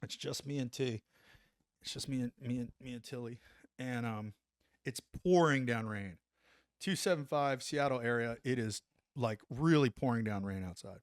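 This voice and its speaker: A middle-aged man and former soldier telling a story on a podcast, animated, acting out what people said and saying "like" often. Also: medium pitch, normal speed, no echo, studio quality. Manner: animated, acts out quotes, says "like" a lot. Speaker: podcast guest, former Army Ranger. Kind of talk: casual storytelling.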